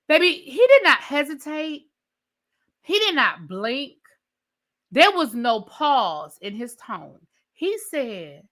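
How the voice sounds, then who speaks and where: Woman, TV reviewer, casual rant, sassy, blunt, bright tone, fairly high voice. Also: slow. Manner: animated, sassy, blunt with profanity. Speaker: TV show reviewer.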